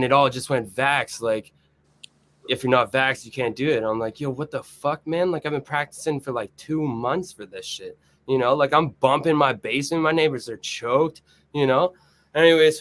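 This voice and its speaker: Young rambling, swearing male guest. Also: medium pitch. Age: young adult. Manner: profane, excited, rambling. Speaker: guest musician. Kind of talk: casual chat, storytelling. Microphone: video or remote mic, quiet at first.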